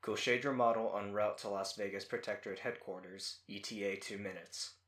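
A man voicing a digital AI giving flat, informative alerts. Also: fairly low pitch, brisk, lightly acted.

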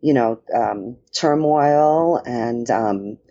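A woman with a New York accent co-hosting a casual podcast chat, talking with lots of fillers and lively quoted asides. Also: very deep voice, very slow, highs cut off. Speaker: podcast co-host and dance professional.

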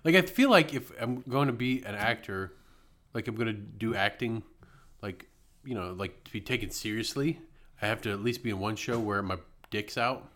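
A man's voice: lowish voice, moderate pace, a bit bright. A man co-hosting a podcast in casual comedic chat, telling crude jokes and mimicking other voices. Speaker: podcast co-host.

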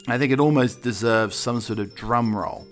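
A man's voice: mid-range voice, normal speed, faint music behind. A man hosting a chatty talk show, reading odd news stories with rambling asides and chuckles. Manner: rambling asides, chuckling, filler-heavy tangents. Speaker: radio show host. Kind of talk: chatty news-story banter.

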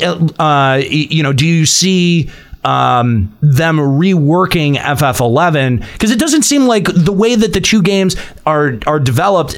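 A man hosting a gaming podcast, chatting casually with lots of fillers and restarts. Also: fairly high pitch. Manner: rambling, filler-heavy. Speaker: podcast host.

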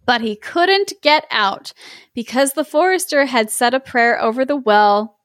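A young woman podcast host reading a folk tale aloud in a lively way, chuckling now and then. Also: high-pitched, a little slow, dry recording, clean studio sound. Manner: lively, laughs between lines. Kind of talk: storytelling read-aloud with chat.

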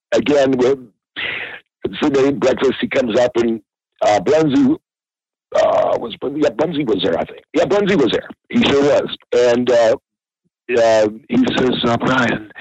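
Husky man telling a rambling story. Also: medium pitch, animated, a little slow, a little mellow, dry recording, highs cut off. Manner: rambling storyteller, laughing often. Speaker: guest. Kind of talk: casual anecdote telling.

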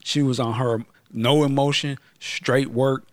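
A man's voice: mid-range voice, fairly even intonation, unhurried, dry recording. Man, podcast host, casual slangy film chat, acts out quotes, dry close sound. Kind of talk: casual movie review chat.

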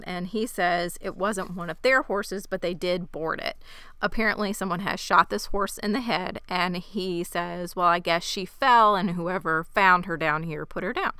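Bright, crisp woman recapping a show. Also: on the low side, dry recording, clean studio sound. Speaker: podcast co-host. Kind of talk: casual TV recap chat.

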